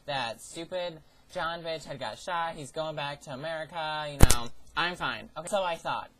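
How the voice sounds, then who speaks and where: A man's voice: a little high, moderate pace, noisy background. Sassy, foul-mouthed teenage guy ranting. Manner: sassy, profane, theatrical. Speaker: vlogger. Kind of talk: ranting personal storytelling.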